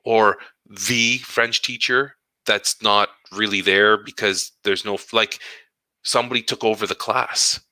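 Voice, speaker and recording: A man's voice: lowish voice, a little slow, no room sound. A man who is an elementary school teacher, telling stories about his work in a casual podcast monologue and acting out conversations as he goes. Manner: animated storytelling, acting out conversations.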